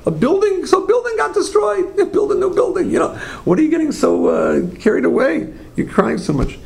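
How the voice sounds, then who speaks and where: A man's voice: on the high side, lively intonation, normal speed, creaky, a little mellow. A man voicing a blunt, incredulous old philosopher who scoffs in exaggerated disbelief.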